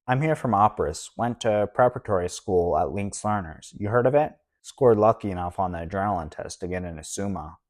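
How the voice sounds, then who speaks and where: A man's voice: low-pitched, animated, a little fast, hardly any pauses, darkish tone. A man doing a nervous, shaky young student. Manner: hesitant, shaky.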